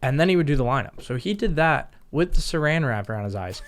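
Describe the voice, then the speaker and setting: A man who is a guest on a podcast, telling stories in a casual, animated way and laughing often. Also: medium pitch, fast talker. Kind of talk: casual storytelling.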